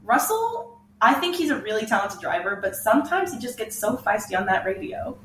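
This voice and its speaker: A young woman co-hosting a casual podcast chat, talking quickly and laughing often. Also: a little high, very animated, a bit bright. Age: young adult. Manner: chatty, laughs often, does mock voices of drivers. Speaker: podcast co-host. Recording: echoey room, mic far off, faint noise.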